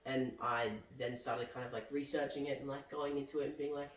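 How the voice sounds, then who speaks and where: A man's voice: medium pitch, level tone, a little fast, fairly bright tone. Young man rambling, distant in an echoey room. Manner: rambling, heavy use of "like". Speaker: podcast guest. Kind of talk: casual chat. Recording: roomy echo, distant mic, faint background noise.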